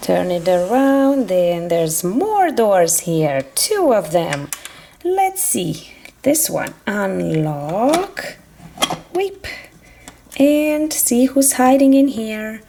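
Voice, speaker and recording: Slow sing-song woman narrating for kids. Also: mid-range voice, sing-song, gravelly, warm tone, a little hiss or hum. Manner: sing-song, makes animal sounds. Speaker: toy-play narrator for children. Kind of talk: playful narration of a toy farm for kids.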